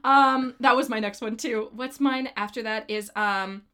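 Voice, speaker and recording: A woman co-hosting a casual chat, animated and often laughing as she talks. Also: fairly high pitch, unhurried, clear, resonant tone. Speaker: podcast co-host. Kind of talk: casual chat reviewing favorite movie quotes.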